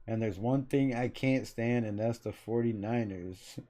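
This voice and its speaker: A man's voice: medium pitch, unhurried, warm tone. Loose, chatty man talking sports. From Los Angeles, US. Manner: loose, chatty, swears freely, laughs at himself. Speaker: sports channel host. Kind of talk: casual sports commentary.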